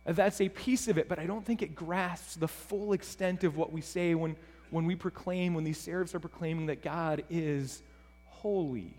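A man's voice: fairly high pitch, moderate pace, darkish tone. A man preaching a sermon as a pastor, reading scripture and praying in an earnest way that repeats words and restarts phrases. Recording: reverberant hall.

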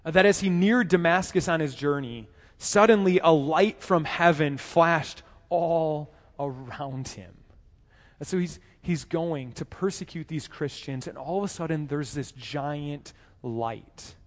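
A man's voice: a little high, a little slow, big-room sound. A man preaching a sermon in a conversational way, often repeating words and asking the listeners rhetorical questions.

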